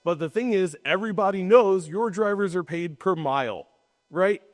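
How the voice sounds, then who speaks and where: A man with a fairly high voice talks fast and jokes at a live panel. His sarcastic asides ring out in a big hall with a long reverb. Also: animated. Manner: quick, joking, sarcastic asides. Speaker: podcast co-host. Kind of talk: casual panel talk. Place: hall at a trade show.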